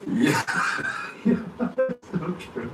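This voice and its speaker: Animated man recorded from far off in an echoey room. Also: fairly high pitch, extremely slow, loud music behind the voice. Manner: animated, laughs often, acts out lines. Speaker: actor guest. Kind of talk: casual interview chat.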